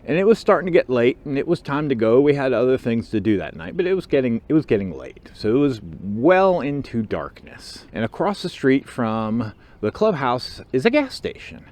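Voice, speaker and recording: A man hosting his own channel, telling a story in a casual, animated way and acting out the other people in it. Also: mid-range voice, moderate pace. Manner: animated storyteller who acts out quotes and chuckles. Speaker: motorcycle club officer and channel host.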